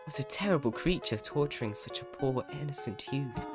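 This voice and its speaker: A woman voicing a gentle, motherly goat caretaker from a video game, speaking softly and formally. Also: very deep voice, a little fast, voice pushed up. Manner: soft, calm, formal. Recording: game music behind.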